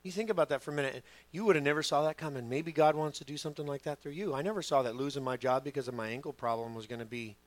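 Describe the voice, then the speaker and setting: A middle-aged man preaching a sermon as pastor, telling stories with lively quoted voices. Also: on the high side, racing, hardly any pauses, no room sound. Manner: animated storytelling, acting out quoted voices.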